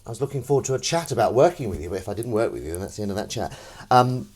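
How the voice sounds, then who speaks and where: A man hosting a casual live stream, rambling and self-mocking with sudden shouts while he does the washing up at home. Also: lowish voice, expressive, very fast. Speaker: streamer host. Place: home kitchen, doing the washing up. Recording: clattering dishes and running water.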